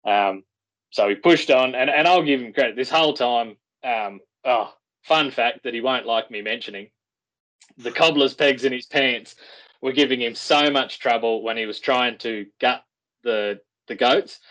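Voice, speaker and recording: An Australian man, a guest on a podcast, telling a rambling, animated story with frequent restarts. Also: medium pitch, normal speed, low-quality recording.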